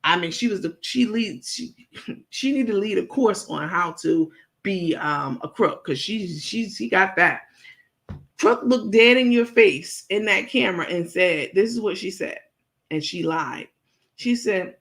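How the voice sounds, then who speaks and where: A woman hosting a casual commentary vlog, talking straight to her viewers in an animated, profane, digressive way. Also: on the low side, a little slow, gravelly. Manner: playful, digressive storytelling. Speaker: commentary vlogger.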